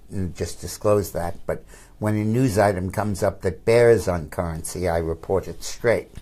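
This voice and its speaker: A man's voice: low-pitched, darkish tone. An older man, a political commentator, telling anecdotes in a casual chat with frequent restarts.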